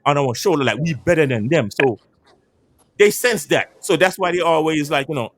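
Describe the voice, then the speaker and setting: A man in his fifties from an island, telling stories in casual chat in a barbershop. He talks in an animated way, swears, and often repeats and restarts his words. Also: on the high side, moderate pace, slight background noise. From Caribbean island. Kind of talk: casual storytelling.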